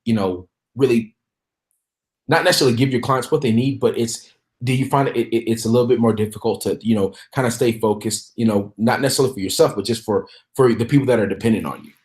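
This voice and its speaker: A man's voice: medium pitch, a little mellow. Guest, man, stop-start talker who restarts his sentences a lot. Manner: halting, many restarts and fillers. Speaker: podcast guest. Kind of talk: casual podcast conversation.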